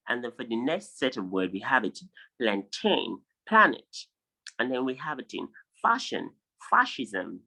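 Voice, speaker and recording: A man's voice: mid-range voice, very animated, normal speed, pushed and bright, low-quality recording. A man teaching an online class, reading out word lists and stressing and repeating each pronunciation. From Nigeria. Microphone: video call.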